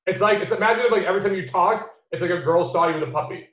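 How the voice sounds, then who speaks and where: A man's voice: high voice, racing, a bit bright. An American man hosting a podcast, chatting casually and bluntly, swearing freely and laughing easily. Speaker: podcast host. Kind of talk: casual chat. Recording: roomy, dull lo-fi sound.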